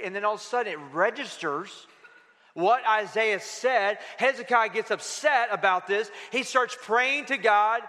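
A preacher with a high, bright voice delivers an emphatic sermon, throwing questions out to his congregation. The sound carries a long reverb from the church hall. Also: normal speed. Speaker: pastor. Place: church sanctuary.

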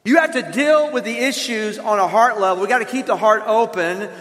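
Male pastor, high bright voice, earnest sermon delivery, large reverberant hall. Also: brisk. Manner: earnest, conversational preaching with acted examples.

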